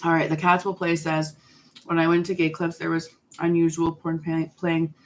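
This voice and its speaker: Low-voiced woman chatting candidly on a live stream. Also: completely flat delivery, normal speed, a little hiss or hum. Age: 40s. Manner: candid, chatty, eating candy while talking. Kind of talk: casual live stream chat answering viewers.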